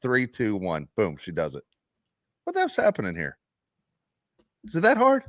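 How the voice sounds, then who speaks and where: A man co-hosting a podcast, telling animated stories and ranting with plenty of cursing in casual chat. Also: mid-range voice, normal speed, no echo, clean studio sound. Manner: animated, profane ranting storyteller. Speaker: podcast co-host.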